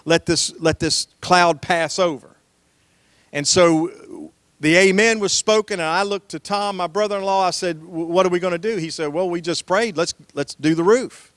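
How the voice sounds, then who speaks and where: A man's voice: sits high, moderate pace, no echo. A man preaching a sermon as pastor, telling stories in a folksy way and acting out the voices he quotes.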